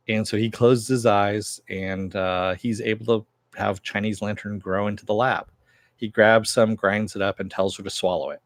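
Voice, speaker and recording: A man's voice: lowish voice, steady tone, moderate pace, no echo. A man giving a rambling, offhand recap of a TV episode, swearing casually as he retells the plot. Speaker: TV episode reviewer.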